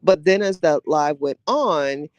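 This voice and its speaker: Chatty man with a slightly high voice. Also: lively intonation, unhurried, no echo, muffled recording. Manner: reads viewer comments aloud and reacts, laughing often; gossipy and chatty, with slangy asides. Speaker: podcast host reading live chat. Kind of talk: casual live-stream chat.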